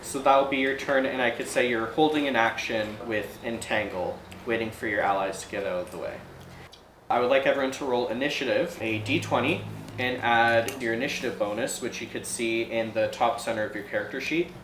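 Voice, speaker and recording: A game master calmly narrating a tabletop game to the players around the table. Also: mid-range voice, a little fast. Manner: calm, explanatory narration. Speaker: dungeon master. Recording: roomy echo, faint background noise.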